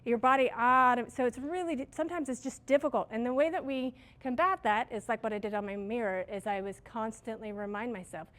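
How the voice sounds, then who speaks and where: A woman's voice: a little high, a little fast, few pauses, a bit bright. A middle-aged woman who manages a restaurant, giving her staff a casual, story-filled training talk on leadership. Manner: casual, chatty, self-deprecating with stories.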